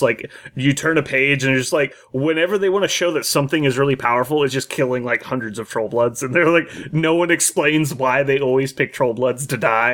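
Man co-host, mid pitch, relaxed gaming banter with frequent laughs. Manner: laughs often, animated storytelling. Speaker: podcast co-host. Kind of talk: casual gaming chat.

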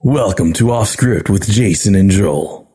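A man voicing a deep-voiced movie-trailer announcer in a mock show intro, slow, dramatic and half-whispered. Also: dark tone, breathy edge, full character voice.

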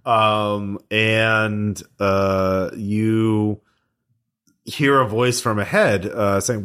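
A man narrating a tabletop game as game master, relaxed and chuckly, often hesitating with fillers. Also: lowish voice, extremely slow, clean tone.

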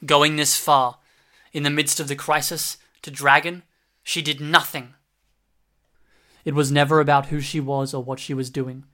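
In an audiobook reading, a man voices a cold, calculating male hacker who talks in a flat, dismissive way. His voice is fairly high-pitched at a normal speed.

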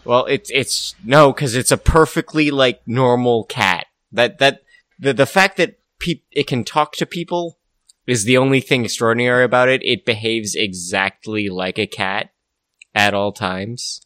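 A man's voice: mid-range voice, measured pace, a bit bright, no echo. A man co-hosting a casual podcast chat. He is wry and rambling, with many restarts. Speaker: podcast co-host.

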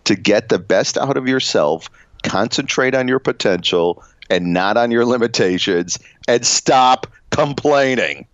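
Animated and measured, a mid-range male voice carries casual comedic podcast banter as the co-host rambles, interrupts himself, and keeps laughing. The recording is dull, lo-fi, and dry, with no echo.

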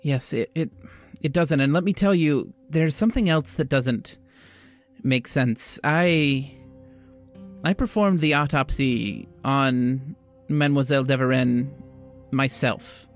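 Halting, matter-of-fact mortician, played by a man, with a mid pitch over faint music. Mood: measured. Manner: halting, repeats his words.

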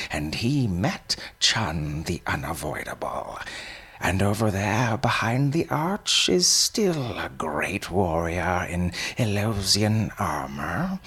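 A man's voice: lowish voice, fairly bright tone, husky, pitched above the performer's own voice, exaggerated voice. A man voicing a stooped, feeble old man who speaks in a quavering voice and gives grim warnings. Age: older.

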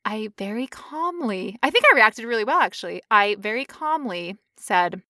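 A young woman telling a long story in casual chat, animated and acting out quotes in high voices. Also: fairly quick, creaky, few pauses, no room sound, clean studio sound.

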